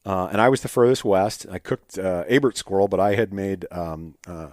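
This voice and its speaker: A man telling stories as a podcast guest in a casual, animated way, full of fillers and restarts. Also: low-pitched, normal speed, no echo, studio quality. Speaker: podcast guest, state game bird biologist. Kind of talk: casual storytelling in an interview.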